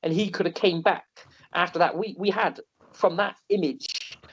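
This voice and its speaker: A man telling animated, self-mocking stories on a podcast, often restarting and laughing. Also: high voice, moderate pace, slight background noise. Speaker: wrestler and wrestling promotion owner. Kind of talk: podcast interview storytelling. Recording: slightly muffled podcast audio.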